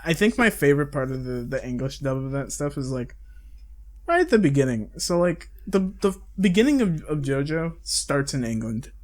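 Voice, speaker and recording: A man's voice: on the high side, very animated, normal speed. A young man co-hosting a podcast, chatting casually and rambling with casual swearing and frequent laughs. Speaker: podcast co-host. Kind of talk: casual chat.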